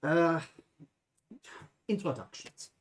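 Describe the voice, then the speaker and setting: A man's voice: on the high side, lively intonation, slow. A man doing a scheming German banker. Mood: formal. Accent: put-on German accent, drifting. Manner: formal, hesitant, discreet.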